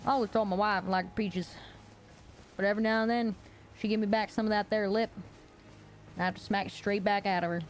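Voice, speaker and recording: A woman's voice: medium pitch, fairly even intonation, a little fast, long pauses, close to an everyday voice. A woman putting on a crude Southern hick husband. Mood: bragging. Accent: Southern US, put on.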